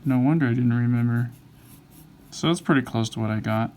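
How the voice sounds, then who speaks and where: Here a male drawing instructor talks to himself as he sketches, muttering and fixing his lines along the way. He speaks briskly at a medium pitch with a darkish tone, and there's faint noise in the background.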